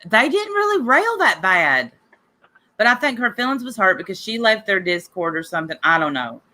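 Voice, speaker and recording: A sick, coughing woman hosts her casual podcast talk show, gossiping and rambling while addressing listeners head-on in a chatty way. She has a mid-range voice that's very animated, pushed and bright, moving at a moderate pace.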